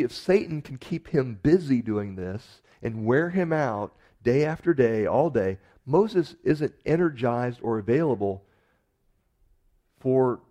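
A man preaching a sermon in an earnest manner, building to emphatic rises and sinking to soft, quiet endings. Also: medium pitch. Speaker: pastor.

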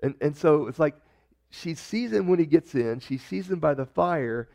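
A man preaching a sermon in a conversational way, acting out the quoted lines with sudden shifts in loudness and tone. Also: on the high side, animated, moderate pace, vocal fry. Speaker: pastor.

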